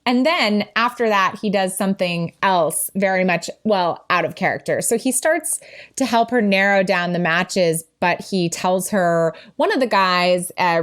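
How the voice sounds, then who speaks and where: A woman's voice: mid-range voice, a bit bright. Earnest woman podcaster discussing a book. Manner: thoughtful, earnest, measured commentary with small restarts. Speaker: podcast co-host. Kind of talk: casual book-discussion chat.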